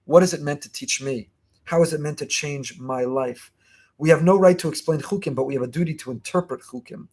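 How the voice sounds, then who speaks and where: A man giving a fast, emphatic Torah lesson as a rabbi, repeating key phrases. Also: a little high, darkish tone. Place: online class.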